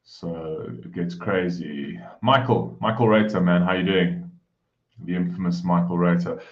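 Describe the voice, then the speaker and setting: A man with a very low voice chats casually on a home live stream, calling out viewers by name in a friendly, hushed way. The audio is dull and lo-fi. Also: steady tone, a little slow. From South Africa. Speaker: livestream host. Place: home room.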